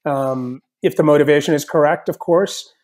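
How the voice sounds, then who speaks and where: A man's voice: a little high, moderate pace. A man from south India, raised partly in the US, talking casually as a chef and author guest on an interview podcast. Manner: relaxed, thoughtful, frequent "you know".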